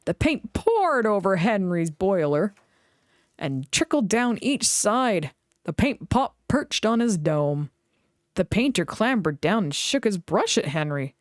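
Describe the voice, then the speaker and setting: A woman reads a children's storybook aloud with animated expression and a lively, swinging pitch. The recording is dry and close, with no room sound. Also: slow, no echo. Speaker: storybook reader. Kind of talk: reading a children's book aloud.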